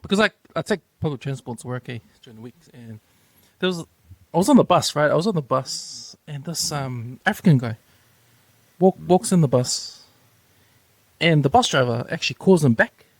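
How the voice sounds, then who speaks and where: A man's voice: fairly high pitch, animated, normal speed, no echo. A man co-hosting a sports podcast, telling stories in a laid-back way, tagging lines with "eh". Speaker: podcast co-host. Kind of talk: casual storytelling chat.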